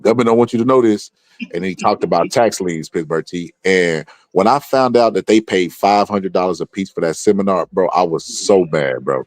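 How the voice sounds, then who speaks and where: Male host, deep voice, rambling animated storyteller, dry recording. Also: normal speed, few pauses, no room sound. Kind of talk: casual podcast chat.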